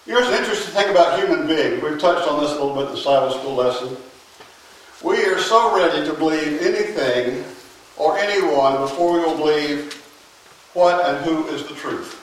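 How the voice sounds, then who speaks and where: Emphatic preacher in an echoey church. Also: male voice, on the high side, a little hiss or hum. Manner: emphatic, with long pauses and sudden drops to a quiet voice. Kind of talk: sermon. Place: church sanctuary. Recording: very echoey church, mic at a distance.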